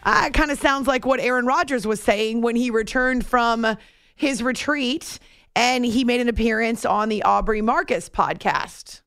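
A woman hosting late-night sports radio, talking in a chatty, quick way with frequent laughs and asides. Her voice sits a little high. The studio sound is dry and close. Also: a bit bright, clear, resonant tone, dry recording. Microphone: studio microphone.

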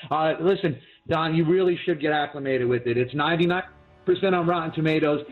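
A man chats about TV shows over a thin, tinny phone line, his voice a little high. He rambles with plenty of restarts and fillers and keeps hiccuping. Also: fairly quick, soft background music. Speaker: TV critic guest. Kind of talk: casual chat about TV.

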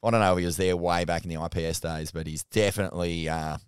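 A man co-hosting a podcast in casual chat, excitable and swearing freely. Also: sits low, fast, clean tone, no echo, studio quality. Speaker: podcast co-host.

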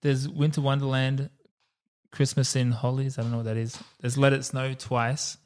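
A chatty man co-hosting a casual movie podcast, thinking aloud and breaking into laughs. His voice sits at an ordinary middle pitch for a man. He keeps things loose and conversational. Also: level tone, moderate pace. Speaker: podcast co-host. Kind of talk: casual movie review chat.

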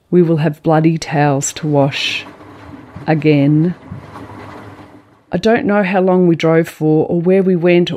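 A middle-aged woman telling a personal memoir in a measured, intimate storytelling manner. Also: on the low side, dark tone. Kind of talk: spoken memoir reading.

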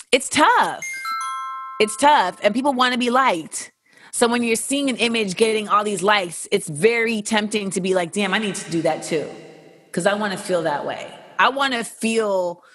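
With a fairly low but slightly bright voice, this young adult woman answers listener questions bluntly and casually, swearing freely and performing the voices of people she quotes. The sound is clean studio audio without any room sound, in a casual, candid commentary style.

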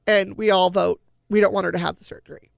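Earnest woman in her forties with a gravelly voice, sighing as she tells her story; dry, close sound. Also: medium pitch, fairly even intonation, fast, dry recording. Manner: earnest, sighing, quoting family in dialogue. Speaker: guest recounting her daughter's illness. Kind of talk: emotional personal storytelling.

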